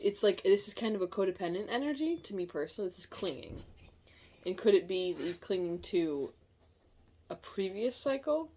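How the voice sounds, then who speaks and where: A woman giving a casual tarot reading, chatty and thinking aloud, quick to laugh. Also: mid-range voice. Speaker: tarot reader.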